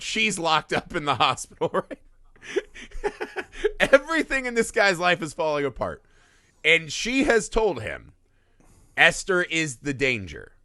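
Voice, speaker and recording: A man co-hosting a film podcast in casual chat, animated, laughing often and acting out silly quotes. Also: fairly high pitch, unhurried, dry recording, clean studio sound. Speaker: podcast co-host.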